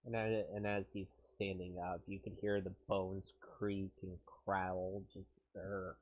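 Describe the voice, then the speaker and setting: A man in a fairly low voice runs a tabletop game at an unhurried crawl, stopping often on fillers and swearing casually. The sound is dull and lo-fi, like a home stream mic. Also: flat delivery. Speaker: game master.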